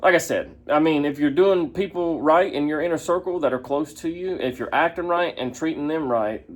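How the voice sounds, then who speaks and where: A man's voice: fairly high pitch, normal speed. A man hosting a reaction commentary vlog, talking in a sarcastic, mocking way and often laughing. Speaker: commentary vlogger.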